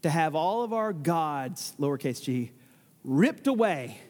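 Male pastor, sermon delivery, emphatic and exclaiming, high voice. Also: very animated, measured pace, a little mellow, in a large hall.

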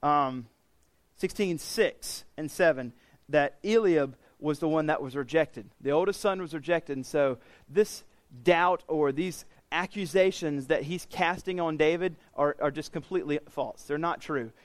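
A male preacher with a slightly high voice for a man teaches from scripture at an unhurried pace. He's loose and conversational, putting the passage into everyday words and often restarting or repeating himself. The sermon is recorded close and dry, without any room echo.

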